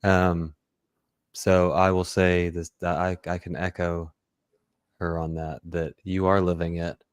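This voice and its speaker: A man with a very low voice hosts a podcast in a casual interview chat. His sound is dry and close, and he speaks warmly and affirmingly to his guest, leaning on fillers as he talks. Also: little pitch movement, unhurried, clear, resonant tone, dry recording. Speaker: podcast host.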